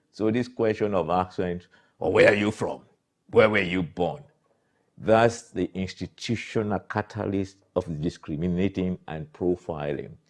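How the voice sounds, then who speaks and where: Deep-voiced guy ranting about politics, slow and emphatic. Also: darkish tone. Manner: emphatic, preachy delivery. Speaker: commentator. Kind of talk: political commentary monologue.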